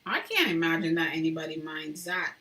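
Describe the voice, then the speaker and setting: A woman's voice: low voice, expressive, a little fast, pushed and bright. A woman hosting a casual live stream from indoors at home, chatting with viewers and reading their comments aloud while she carves, with frequent laughter.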